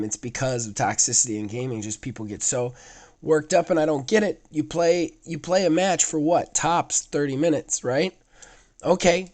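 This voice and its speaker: Male podcast host, hoarse and raspy from illness, casual rambling delivery with offhand swearing. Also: medium pitch, darkish tone. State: hoarse, sick voice. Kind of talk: casual gaming podcast chat.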